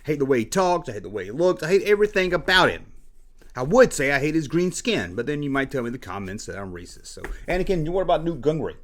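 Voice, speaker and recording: A man's voice: a little high, sing-song, fast talker. Blunt, exasperated Southern man ranting. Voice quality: blunt, exasperated, emphatic repetition. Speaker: YouTube host. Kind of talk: casual ranting commentary.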